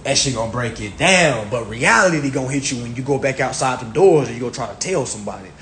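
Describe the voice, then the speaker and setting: A man livestreams in a casual, emphatic way, swearing a lot and often repeating himself. His voice sits at a medium pitch and sounds animated, fast, bright and forceful. The room echoes and carries faint background noise.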